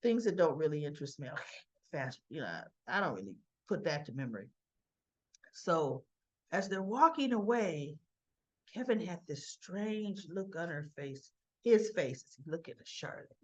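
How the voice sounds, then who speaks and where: A woman chattily retelling a soap opera episode, animated, with frequent asides. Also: sits low, moderate pace, highs cut off. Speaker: soap opera recap vlogger. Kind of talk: casual recap of a TV episode.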